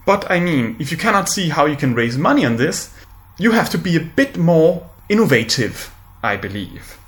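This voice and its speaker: A man composer giving a meandering, repetitive spoken lesson, often halting on purpose. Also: a little high, very animated. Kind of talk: rambling spoken lecture. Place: large music venue. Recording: echoey room with loud music. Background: loud music.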